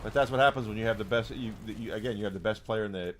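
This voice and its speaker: A man's voice: fairly low pitch, fast talker, a bit bright, slight background noise. A man live-streaming a game, chatting casually and rambling to his chat between plays. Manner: rambling, chatty, talks to chat while playing.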